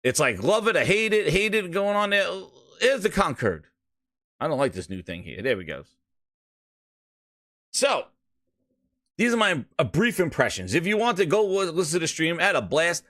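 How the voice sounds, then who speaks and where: High, lively New York man hosting. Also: moderate pace, long pauses, no echo, clean studio sound. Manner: hype-man shouting; loose, rambling, repeats himself. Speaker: podcast host. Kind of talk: casual gaming show chat.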